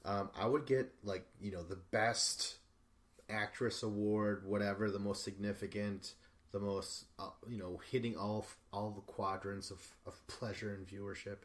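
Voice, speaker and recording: A male podcast host talking alone in a loose, rambling recap, swearing freely and stumbling through fillers and restarts. His voice sits fairly low. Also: steady tone, moderate pace. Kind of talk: casual solo recap.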